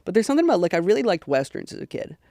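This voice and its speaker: A man's voice: high-pitched, sing-song, very fast, warm tone, no echo, clean studio sound. A young man, a podcast guest, chatting casually and telling rambling stories with many likes and ums. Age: young adult. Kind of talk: casual chat.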